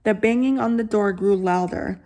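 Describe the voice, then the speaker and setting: A woman's voice: mid-range voice, normal speed, mellow. A woman reading a scary story aloud, stopping now and then for casual asides. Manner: reads steadily, breaks off for casual asides.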